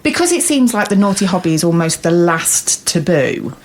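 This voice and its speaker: A woman's voice: lowish voice, normal speed. A woman co-hosting a podcast, chatty and giggly, asking questions. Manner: giggly, expressive, lots of yeahs. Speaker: podcast co-host. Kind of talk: casual chat.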